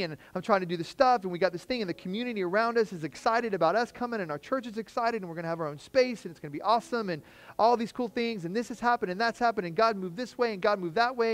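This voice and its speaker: A man preaching a sermon as pastor, telling a story with lively quoted dialogue and casual slang. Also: high voice. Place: church.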